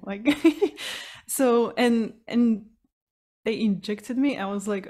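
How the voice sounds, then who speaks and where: A woman's voice: a little high, takes it slowly, a little mellow. A woman in a casual podcast chat, telling an anecdote with frequent "like" fillers. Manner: chatty, frequent "like" fillers, laughs. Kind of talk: casual storytelling.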